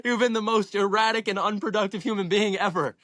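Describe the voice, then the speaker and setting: A man putting on his shrill, panicked screaming mother. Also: fairly even intonation, quick pace, fairly bright tone, no echo, studio quality. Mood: scornful. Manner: shrill, scolding, scornful. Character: frightened, furious mother screaming at her son.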